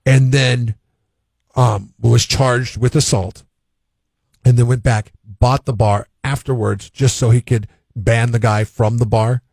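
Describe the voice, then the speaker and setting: A man's voice: medium pitch, steady tone, slow, gravelly, a little mellow, no echo. A man co-hosting a radio show, chatting casually and spinning rambling hypotheticals. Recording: dry radio studio.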